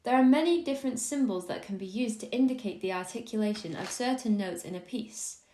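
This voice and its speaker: A woman giving a scripted music theory lesson, explaining in a calm, measured, clearly paced way. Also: on the high side, a little hiss or hum. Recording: roomy echo on the voice.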